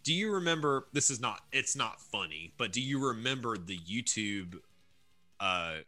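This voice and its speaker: A man co-hosting a podcast, telling stories about songs in a relaxed way with many fillers. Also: on the low side, moderate pace, faint music behind. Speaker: podcast co-host. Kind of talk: casual chat about songs.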